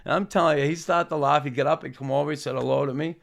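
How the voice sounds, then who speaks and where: A man, a former hockey player telling an animated anecdote and acting out quotes. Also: a little high, racing, creaky. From Boston area. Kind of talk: anecdotal storytelling.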